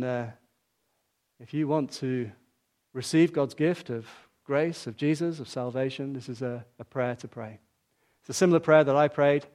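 A man's voice: medium pitch, a little mellow. An older man preaching a sermon in an earnest way, with repeated emphasis. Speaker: pastor.

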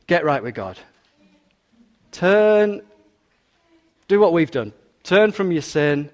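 A man preaching a sermon in a church, emphatic and repetitive, drawing in the congregation. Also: a little high. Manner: emphatic, repeats key words, talks with congregation.

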